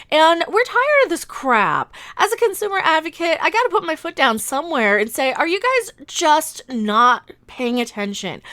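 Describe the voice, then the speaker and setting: A woman's voice: high voice, fairly bright tone, no echo. A middle-aged woman ranting in a sarcastic, emphatic commentary vlog, reading news snippets and reacting to them. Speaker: vlogger, commentator.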